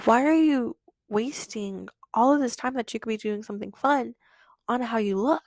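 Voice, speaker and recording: A woman's voice: fairly high pitch, expressive, brisk, no echo. A teenage girl hosting her own podcast, talking through her feelings in an earnest, rambling way full of "like". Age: teens. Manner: earnest, rambling, filler-heavy. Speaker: podcast host. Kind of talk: casual personal monologue.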